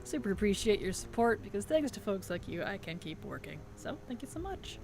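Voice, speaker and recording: A woman's voice: medium pitch, big pitch swings, brisk, gravelly, darkish tone. A woman streamer in casual livestream chat, thanking subscribers, answering chat and giggling often.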